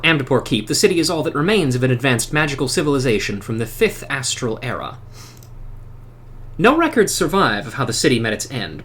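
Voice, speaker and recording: A man reading aloud as a calm, wise female seer in a fantasy game, in a measured, explanatory way. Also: medium pitch, a little hiss or hum.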